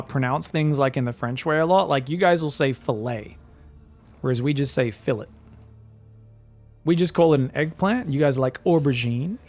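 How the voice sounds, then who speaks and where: An Australian man casting an esports match live, rambling through joking asides between play-by-play commentary. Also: a little high. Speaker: esports caster.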